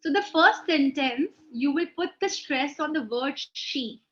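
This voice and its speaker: Female tutor, high and bright, patient explainer, heard over a muffled online call. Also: animated, unhurried. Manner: patient, frequent "okay", explains step by step. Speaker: English speaking tutor. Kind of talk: online one-on-one speaking lesson. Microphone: video call.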